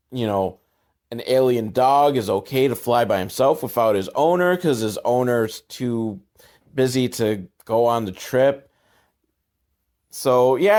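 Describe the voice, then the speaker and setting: A man's voice: medium pitch, darkish tone. A man hosting a podcast, recapping a bad movie in an exasperated, rambling, sarcastic way. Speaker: podcast host.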